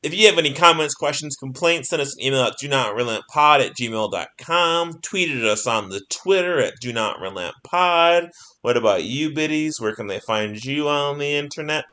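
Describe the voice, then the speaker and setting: A man chatting on a casual podcast with a lively voice that swings up and down. He is excitable, swears freely and laughs a lot, and faint music sits behind him. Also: a little high, moderate pace, few pauses. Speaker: podcast co-host.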